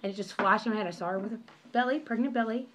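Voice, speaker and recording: A woman's voice: mid-range voice, racing, fairly bright tone, a little hiss or hum. A young woman telling a story in a casual vlog, rambling and apologetic with many restarts, recorded on her phone at home. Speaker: vlogger.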